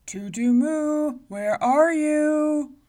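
A woman voicing a huge, hungry male giant who bellows his words slowly and loudly. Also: sits high, pitched above the performer's own voice. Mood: demanding. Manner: slow, loud, drawn-out bellowing.

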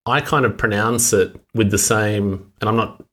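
A man with an Australian accent chats casually as a podcast co-host. His low voice has a husky, breathy texture. He speaks in a dry, clipped way. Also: fairly even intonation, moderate pace, fairly bright tone.

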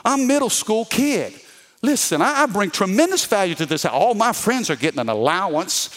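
A man's voice: high voice, sing-song, moderate pace, fairly bright tone, long reverb tail, voice pushed up, heavily acted. A man voicing an indignant middle-school boy who pleads dramatically for an allowance, in a quoted story inside a sermon.

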